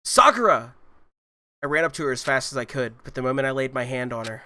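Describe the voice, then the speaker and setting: Man narrating a game, bright tone. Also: mid-range voice, level tone, racing, a little hiss or hum. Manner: narrates steadily, erupts into loud swearing. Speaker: streamer. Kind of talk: reading a visual novel aloud on stream.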